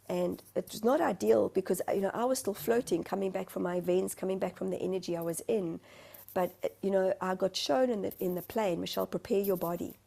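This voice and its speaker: A chatty South African woman, a spiritual medium who calls herself a motor mouth, tells her story as a guest on an interview show, rambling and emotional in candid conversation. Her medium-pitched voice is mellow with some vocal fry.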